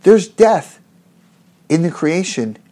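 A man's voice: sits high, very animated, slow, dark tone. A man preaching an expository sermon in an earnest, emphatic way, rising on rhetorical questions and often restarting his phrases.

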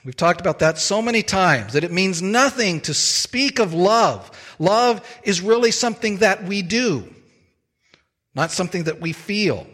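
A man preaching a sermon in a measured, emphatic way, stressing key phrases slowly. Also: sits high, lively intonation, a bit bright, big-room sound.

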